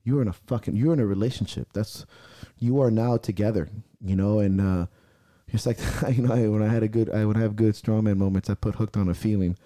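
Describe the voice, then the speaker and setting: Intense, profane man with a dark voice. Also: lowish voice, fairly even intonation, brisk, no room sound, clean studio sound. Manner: intense, profane storytelling, acting out his own shouted self-talk. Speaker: strongman athlete and podcast guest. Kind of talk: casual podcast conversation.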